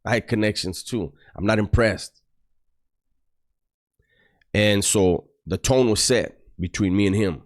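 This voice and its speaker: Blunt, low-voiced man telling a story. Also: unhurried, pauses often. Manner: blunt, profane, streetwise, acts out quotes. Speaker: former prisoner telling his story. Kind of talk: casual storytelling.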